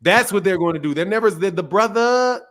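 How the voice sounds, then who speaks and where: High-voiced man hosting teasing banter. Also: quick pace, fairly bright tone. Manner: loose, profane, teasing banter. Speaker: live-stream host. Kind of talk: casual chat with callers.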